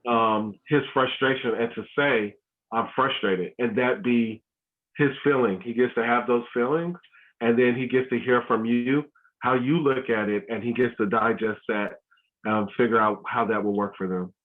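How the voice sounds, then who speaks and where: A man's voice: medium pitch, steady tone, normal speed. A man hosting an online family workshop for a school, talking casually with many ums and restarts. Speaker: host of a school family learning session. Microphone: video call. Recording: tinny phone-like video call audio.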